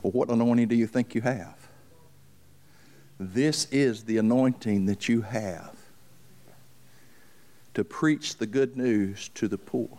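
A male pastor preaching a fervent sermon, repeating himself and building up loud as he tells stories. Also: mid-range voice, takes it slowly, pauses often. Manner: fervent, builds up loud while telling a story; repeats himself and restarts for emphasis.

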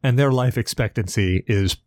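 A man's voice: mid-range voice, moderate pace, no echo. A man co-hosting a podcast in casual chat, rambling and joking with plenty of swearing. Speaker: podcast co-host.

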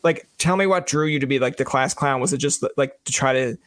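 A man's voice: mid-range voice, fairly quick, a bit bright, no echo, studio quality. A man from Canada hosting a podcast, chatting casually and joking, riffing with impressions of imagined people. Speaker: podcast host.

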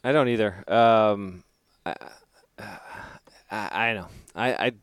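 A man reporting as a guest on a casual sports podcast, explaining in a measured way and trailing off softly. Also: fairly low pitch, clean tone, no room sound, studio quality.

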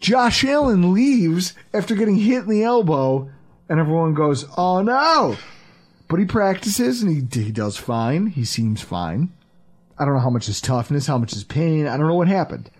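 A man hosting a sports podcast, chatting casually, animated and profane, acting out quotes as he goes. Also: on the high side, moderate pace. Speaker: podcast host.

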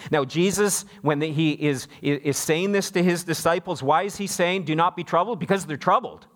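Male pastor from Canada, slightly high voice, chatty sermon delivery, stumbles and repeats words. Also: normal speed, few pauses. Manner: conversational, repeats words when restarting; mimics others in a raised voice when quoting.

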